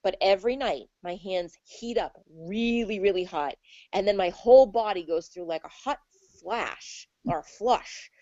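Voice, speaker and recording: Chatty woman medium as interview guest, animated storyteller, muffled dry audio. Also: medium pitch, a little slow, no room sound. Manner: chatty, animated, acts out her own reactions. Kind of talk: casual interview chat.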